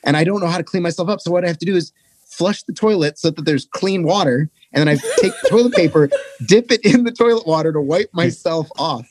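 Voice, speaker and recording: A man on a podcast telling a tour story, animated and profane, jumping into higher voices for quotes. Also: fast, no room sound. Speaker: podcast guest, touring musician. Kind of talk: casual storytelling.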